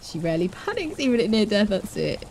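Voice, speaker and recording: Woman, streamer, lively pitch, playful, laughs often, faint background noise. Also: fast talker, vocal fry. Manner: chatty, laughs often, playful asides to chat. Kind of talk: live game commentary.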